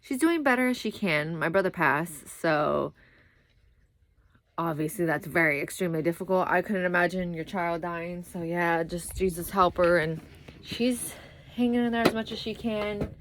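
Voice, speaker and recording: A woman's voice: on the low side, normal speed, a bit bright, a little hiss or hum. Tired, chatty young pregnant woman. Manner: rambling, chatty, breaks off to talk to her toddler. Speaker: vlogger. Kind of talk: casual chat to camera.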